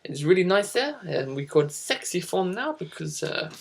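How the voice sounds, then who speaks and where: A woman's voice: lowish voice, very animated, moderate pace, gravelly, slightly rough. Giggly young woman doing spoof news. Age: teens. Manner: goofy, giggly and rambling. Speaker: host of a spoof news show. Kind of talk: mock news presenting.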